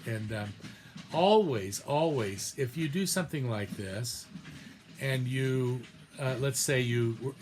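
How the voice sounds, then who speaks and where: A man of ordinary pitch teaches preaching in an easygoing, rambling lecture. He hesitates often, backs up mid-sentence and sprinkles in fillers. Now and then he reads a short passage aloud from a text. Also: slight background noise. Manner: loose and hesitant, with many fillers and restarts. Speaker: preaching instructor. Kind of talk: casual recorded lecture.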